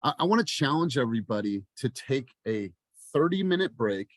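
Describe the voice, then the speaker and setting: A man in his thirties coaching a sales team on a video call, passionate and blunt, swearing and rising to near-shouting. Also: medium pitch, big pitch swings, a little fast, no room sound. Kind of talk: motivational team meeting talk.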